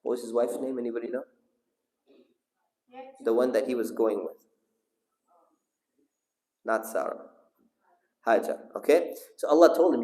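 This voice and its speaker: A man's voice: medium pitch, unhurried, pauses often, a little mellow. A man teaching a storytelling religious lesson, asking the audience questions and calling on listeners. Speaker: sheikh teaching a class. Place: mosque hall. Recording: echoey hall.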